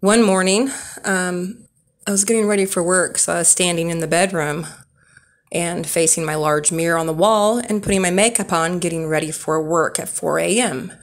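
A woman's voice: on the low side, moderate pace. A young woman rambling through casual true stories on a vlog, with many fillers and restarts. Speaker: storyteller.

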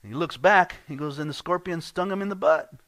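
A man's voice: a little high, quick pace, fairly bright tone, no room sound. A man preaching a sermon as pastor, earnest and conversational, often restarting his words.

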